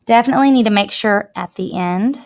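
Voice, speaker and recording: A woman's voice: mid-range voice, a little fast. A woman teacher giving a chatty, emphatic writing lesson to students while recording her screen, drawing out words as she demonstrates.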